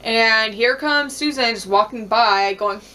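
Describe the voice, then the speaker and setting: A woman's voice: a little high, a little slow, pushed and bright. A woman recapping a reality show in a casual vlog, talking bluntly with lots of swearing and "like", and laughing often. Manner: blunt, profane, heavy use of "like".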